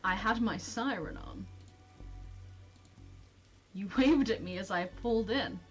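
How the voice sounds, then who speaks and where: A woman's voice: mid-range voice, takes it slowly, soft background music, close to an everyday voice. A woman voicing a weary, sardonic male detective from a detective game, in a plain read-aloud voice. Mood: dry.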